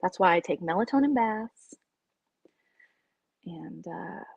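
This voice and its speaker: Chatty opinionated woman, husky voice. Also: on the low side, slow, no room sound, muffled recording. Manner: chatty, opinionated, animated quoting. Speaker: vlogger on a livestream. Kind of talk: casual live chat with viewers.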